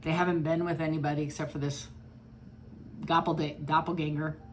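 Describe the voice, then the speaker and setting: Woman, low voice, casual tarot reading, blunt, swears, chatty. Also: flat delivery, a little fast, a little hiss or hum. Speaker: tarot reader.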